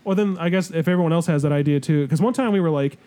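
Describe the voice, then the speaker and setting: A man's voice: a little high, fast talker, dark tone. A young man in casual chat, talking in a slangy, rambling, laid-back way.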